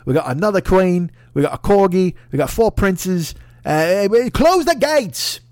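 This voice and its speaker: A man's voice: high voice, animated, a little slow, a little mellow, dry recording, clean studio sound, pitched above the performer's own voice. A man putting on a fake English accent to play a pompous, boastful English bloke. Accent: put-on English. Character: mocking loud upper-crust English bloke, pompous.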